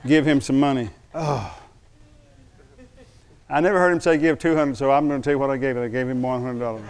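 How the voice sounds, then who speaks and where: An older man preaching a sermon, telling a personal story, slowing for emphasis and dropping to a quiet, moved tone. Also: mid-range voice, fairly even intonation. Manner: storytelling, slows down for emphasis, drops to a hushed tone when moved. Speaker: pastor.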